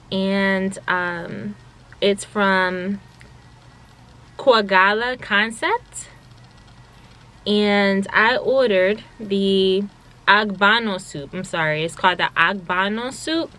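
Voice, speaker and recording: Slow-talking excited young woman vlogger. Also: medium pitch, slight background noise, low-quality recording. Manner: chatty and excitable, with many fillers. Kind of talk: casual vlog chat. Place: home in Los Angeles.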